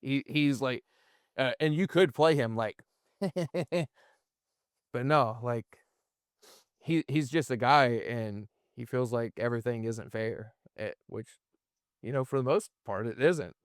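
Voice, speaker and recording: A man who acts, speaking as a guest on a casual podcast. His voice sits in an ordinary middle pitch, recorded dry and close. He rambles thoughtfully and often restarts his sentences. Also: unhurried, smooth, dry recording. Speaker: actor guest.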